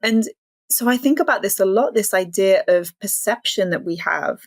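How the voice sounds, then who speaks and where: A woman's voice: medium pitch, animated, normal speed, no echo. A woman from the English Midlands with an English accent, a language consultant chatting as an interview guest and laughing easily. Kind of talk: casual interview chat.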